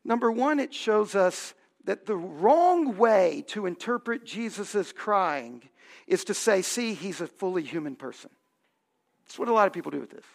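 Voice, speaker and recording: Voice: medium pitch, lively intonation, moderate pace, creaky. A pastor preaching a sermon, asking the congregation questions and building to emphatic points.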